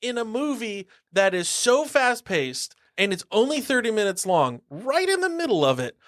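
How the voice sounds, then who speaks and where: A man's voice: high voice, big pitch swings, normal speed. A man in his forties co-hosting a podcast, chatting casually and acting out movie lines with lots of laughter. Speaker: podcast co-host. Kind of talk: casual chat.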